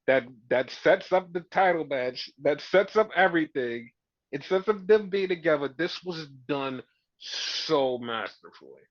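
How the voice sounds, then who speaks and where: A man hosting a podcast, chatting casually and excitedly with many fillers as he recaps a wrestling show. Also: on the high side, measured pace, no echo. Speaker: podcast host. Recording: dull lo-fi sound.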